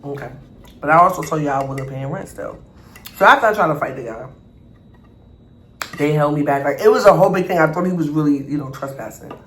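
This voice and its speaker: A man vlogger telling a storytime over an eating show, animated and acting out the people in his story. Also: on the high side, a little fast, pauses often. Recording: echoey room, faint background noise.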